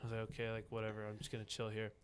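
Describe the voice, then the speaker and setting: A young man hosting a podcast, telling a story in a casual, animated way, often laughing and saying "like". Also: on the low side, racing, a little hiss or hum. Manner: animated, laughing, heavy use of "like". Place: podcast studio.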